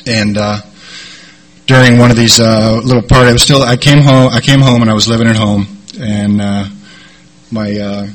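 Husky middle-aged man telling his story. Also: lowish voice, steady tone. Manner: rambling, halting delivery with repeated "and, uh". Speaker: speaker sharing a recovery story. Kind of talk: personal storytelling talk.

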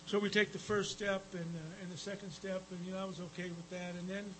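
A man's voice: sits high, level tone, brisk, background noise. A man giving a rambling personal talk at a recovery meeting, with frequent fillers and some profanity.

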